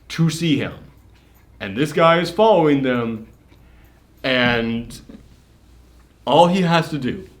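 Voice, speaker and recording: A man talks through a horror film's plot in a loose, casual review chat. His voice sits in a middle pitch and stays animated. He swears freely and leans on filler words between thoughts. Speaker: film reviewer.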